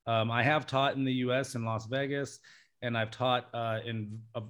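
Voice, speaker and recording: A man's voice: medium pitch, fairly even intonation, moderate pace, a bit bright. Hesitant American man, podcast guest. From Alaska, United States. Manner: hesitant, many fillers and restarts. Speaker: podcast guest, English teacher. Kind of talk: casual podcast interview. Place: Thailand.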